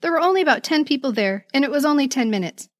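Lively, bright-voiced middle-aged woman. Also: sits high, quick pace, dry recording, clean studio sound. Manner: animated, laughs often. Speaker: podcast co-host. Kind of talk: casual chat, reading old letters aloud.

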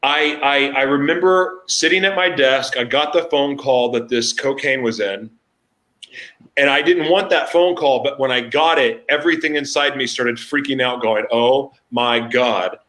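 A man hosting a casual chat, telling candid stories in an animated way. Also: mid-range voice, normal speed, roomy sound.

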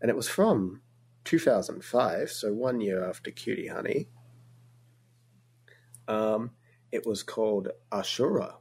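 A man co-hosting a podcast, chatting in a relaxed way and laughing often. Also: on the low side, measured pace, long pauses, husky. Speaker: podcast co-host. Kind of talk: casual chat.

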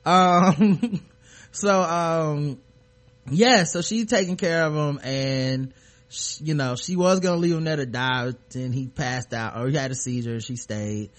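A male podcast host in casual chat, recapping a TV episode with profane, animated retellings and acted-out quotes. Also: a little high, measured pace.

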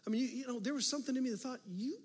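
A male pastor preaching a sermon, telling a story with animated swings from loud to hushed. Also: very high voice, rapid-fire, breathy edge. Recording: long reverb of a large hall.

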